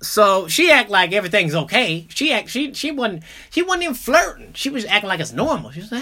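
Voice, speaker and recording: A young man hosting a podcast, telling a comedic story casually, full of swearing, dropping into mumbled asides and jumping up into loud outbursts. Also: sits high, fairly quick, few pauses. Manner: animated, profane, jumps between mumbling asides and loud outbursts. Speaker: podcast host.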